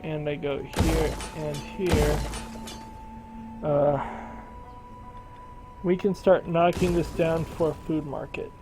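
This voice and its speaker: A man's voice: on the high side, flat delivery, slow pace, long pauses, over music, rough recording. A man casually commentating a strategy game, thinking aloud and talking to the game's regions as if they were people. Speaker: gameplay commentator.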